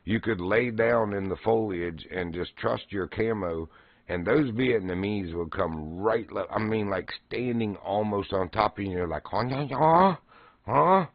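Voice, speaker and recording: Casting note: deep-voiced male streamer, laughing storyteller, dry dull mic. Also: moderate pace, dry recording. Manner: laughs often while telling stories, drawls. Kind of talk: casual storytelling.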